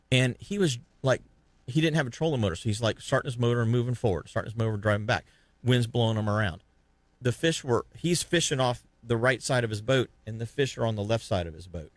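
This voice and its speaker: A man hosts a fishing radio podcast, recorded close and dry in a studio. He tells his stories in a casual, animated way, and his voice swings high when he acts out the people in them. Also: no room sound. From Florida. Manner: animated storyteller acting out other anglers. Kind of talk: casual storytelling chat.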